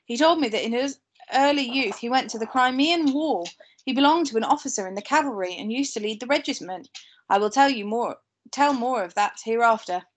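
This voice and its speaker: A woman teacher reading a novel aloud to her pupils, steady, with occasional slips and short asides. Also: a little high, brisk.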